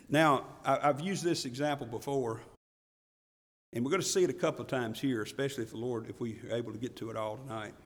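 A man's voice: mid-range voice, a little fast, in a large hall. A man preaching a folksy, conversational sermon as pastor, often laughing and repeating himself for emphasis. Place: church sanctuary.

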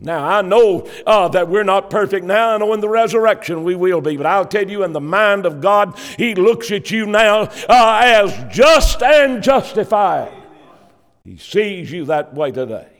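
A man's voice: high-pitched, animated, measured pace, a bit bright. Fervent man preaching in an echoing church. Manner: fervent preaching with rising emphasis; Bible quotations in old King James wording. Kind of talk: sermon. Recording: long church reverb.

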